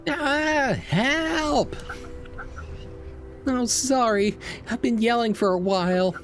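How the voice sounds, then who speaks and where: Lost young boy in a game, frightened and pleading, pushed up high, voiced by a streamer reading the lines. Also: takes it slowly, faint music behind. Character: lost young boy blown away by wind.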